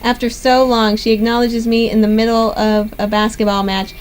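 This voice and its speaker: A young woman hosting a gaming channel, reading a visual novel aloud in steady first-person narration. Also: on the high side, moderate pace, rough recording.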